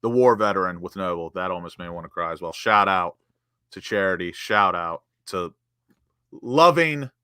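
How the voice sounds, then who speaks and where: A man's voice: low-pitched, animated, moderate pace, sharp tone, smooth, no echo, clean studio sound. A man, co-hosting a casual football fan chat, passionate and quoting stats as he rates players. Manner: passionate, emotional, quotes stats. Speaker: co-host rating players.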